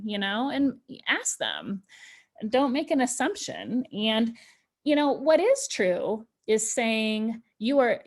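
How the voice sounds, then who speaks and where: A woman presenting a parenting workshop in a loose, chatty way, with lots of "you know" and restarts. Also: fairly high pitch. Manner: chatty, full of fillers and restarts. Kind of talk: informal talk to parents.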